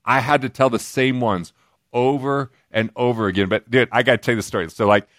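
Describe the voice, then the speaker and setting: A man from Utah, a podcast guest, telling stories in an animated, joking way. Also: medium pitch, no echo, studio quality. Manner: animated, jokey, quoting others in quick asides. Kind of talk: casual storytelling.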